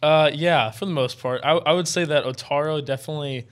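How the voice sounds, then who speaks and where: A young man, a college athlete guest on a podcast, talking in an easygoing way, laughing often and pausing on fillers. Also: on the high side, a bit bright, clear, resonant tone. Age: young adult. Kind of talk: casual interview chat. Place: studio.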